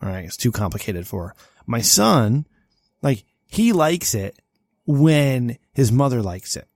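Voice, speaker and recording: A man's voice: mid-range voice, unhurried, dry recording, clean studio sound. A man co-hosting a podcast in casual chat, telling stories bluntly with some swearing. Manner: animated storyteller, blunt, profane. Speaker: podcast co-host.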